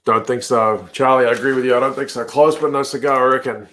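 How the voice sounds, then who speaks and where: A man's voice: medium pitch, fairly even intonation, quick pace, fairly bright tone, a little hiss or hum. A laid-back man hosts a live rugby watch-along. He talks in a mid-range voice, chatting casually, reacting to each play and reading out viewer comments. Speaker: host.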